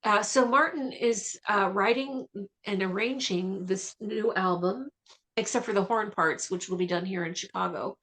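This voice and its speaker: A woman vocalist talking as a guest in a radio interview, chatty and enthusiastic with quick asides. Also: mid-range voice, fairly bright tone.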